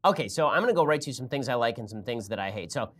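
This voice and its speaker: A man's voice: medium pitch, expressive, racing, slight background noise. A man hosting a podcast, talking at length in a conversational, explaining way. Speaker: podcast host. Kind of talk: political commentary podcast.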